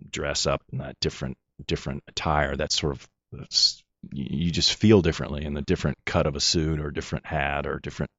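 A middle-aged male actor chatting as an interview guest, talking haltingly with many restarts and fillers. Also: extremely low pitch, no room sound, muffled recording. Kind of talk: casual interview chat.

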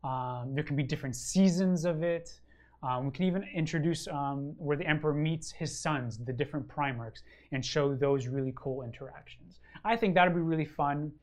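A man's voice: on the high side, moderate pace, a little mellow. A man co-hosting a casual wargaming chat show, answering a listener's question in a rambling, enthusiastic way full of ums and uhs. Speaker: regular co-host of a wargaming show.

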